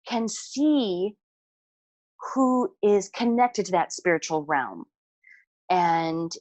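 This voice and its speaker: A woman guest on a podcast, telling stories in a relaxed, amused way with frequent fillers. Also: mid-range voice, no echo. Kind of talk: casual storytelling conversation.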